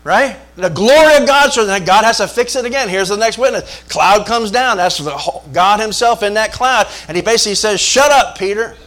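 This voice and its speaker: A man's voice: high-pitched, fairly quick, hardly any pauses, a bit bright. A man preaching a sermon. He speaks emphatically, repeats his lines, calls out for amens and makes jokes. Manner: emphatic call-and-response preaching, repetitive, joking. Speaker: pastor.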